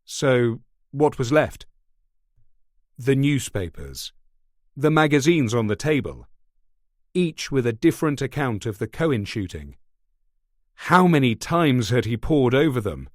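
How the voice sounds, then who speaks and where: A man narrating a thriller audiobook in a steady, measured way. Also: medium pitch, no echo, studio quality. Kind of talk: scripted narration.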